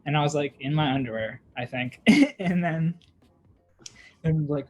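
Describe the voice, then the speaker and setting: A man's voice: a little high, moderate pace, pauses often, breathy edge, lo-fi sound, soft background music. A young man, a podcast co-host, telling a long story in casual chat, with lots of fillers, "like" and laughter. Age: young adult.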